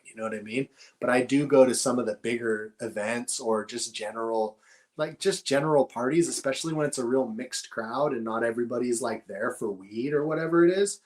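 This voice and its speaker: A man's voice: medium pitch, a little fast, darkish tone. A middle-aged man, telling stories in a laid-back, rambling, profane way as a podcast guest. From Northern California. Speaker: podcast guest, cannabis grower. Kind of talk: casual conversational storytelling.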